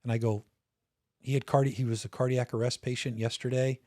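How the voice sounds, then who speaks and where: A middle-aged man talks through a personal story in a relaxed podcast interview. His voice sits at an ordinary pitch and sounds dry and close, with no room echo. He speaks candidly, swears casually and keeps circling back to restart his sentences. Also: a little fast. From United States. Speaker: interview guest, retired state police major.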